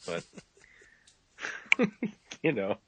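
A man co-hosting a casual sports podcast, giving measured opinions. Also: very noisy. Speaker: podcast co-host.

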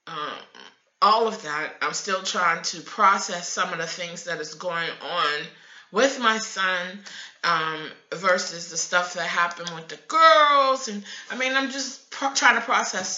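Bright-voiced woman sharing openly. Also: on the low side. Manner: open, confessional, animated storytelling. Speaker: host of a faith broadcast. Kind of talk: candid personal sharing. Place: at home in front of her computer. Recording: echoey room, muffled lo-fi audio.

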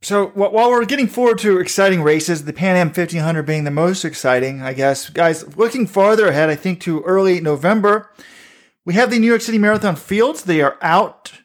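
A man co-hosting a podcast in casual chat, excitable and quick to laugh. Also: high-pitched. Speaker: podcast co-host.

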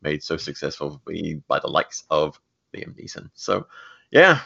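A low, gravelly man co-hosts a podcast in easy, casual chat, his pitch rising and falling a lot. He reads out news with frequent laughs in between. The sound is a little dull and lo-fi. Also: sing-song, measured pace, sharp tone. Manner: laughs often between lines. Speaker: podcast co-host.

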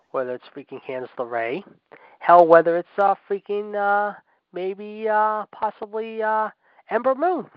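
A man co-hosting a wrestling podcast, delivering a brash, sarcastic rant that swings between loud jabs and low muttered asides. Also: no echo. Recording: dry, slightly dull podcast audio.

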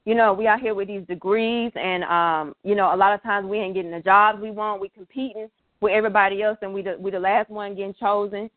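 Young woman, teary and halting, lots of ums, tinny dry sound. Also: medium pitch, fairly even intonation, no room sound. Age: 20s. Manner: heartfelt, halting, many fillers. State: tearful, emotional. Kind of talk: emotional personal talk.

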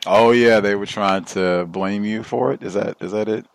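A male radio host responding casually and reacting quickly to a caller. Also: lowish voice, fairly even intonation, gravelly, dry recording.

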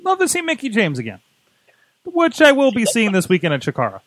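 Animated male podcast host, bouncy high-ish voice, dry mic. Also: a little fast, dry recording. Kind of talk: casual chat.

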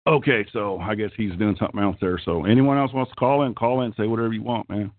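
A middle-aged man with an Okie accent hosts a casual call-in chat, crude, profane, and rambling. His fairly low voice moves fast over a tinny, phone-like call line with no room sound.

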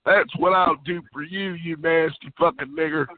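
A man's voice: a little high, fairly even intonation, normal speed. A man ranting with hostility in an online voice chat. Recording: tinny phone-like line, faint noise.

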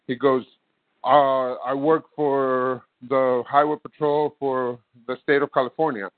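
A man's voice: medium pitch, fairly even intonation, measured pace, no echo. A man in his fifties, calling in, who tells a story with many fillers and plays both sides of the conversation. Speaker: caller. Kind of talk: casual storytelling. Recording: dry phone-line audio.

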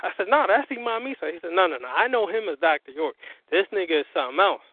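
A man, a guest on a call-in interview, telling his story in an animated, profane way and acting out what others said. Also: high-pitched, fast, no echo. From US Northeast. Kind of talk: casual phone interview. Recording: tinny phone line.

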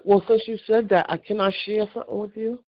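Older lady on a call, fired up and indignant, husky gravelly voice, dull lo-fi line. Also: mid-range voice, fast talker, soft background music. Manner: animated, indignant storytelling, acting out quoted dialogue. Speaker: caller. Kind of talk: casual phone call chat.

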